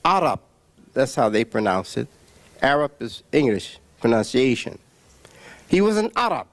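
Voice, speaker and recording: A man giving a preaching religious lecture, emphatic, with long pauses and repeated words. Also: mid-range voice, big pitch swings, no echo. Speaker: religious speaker.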